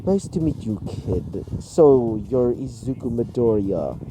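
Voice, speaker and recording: A man's voice: medium pitch, expressive, slow, background noise, pitched below the performer's own voice. A man reading as a stern hero father.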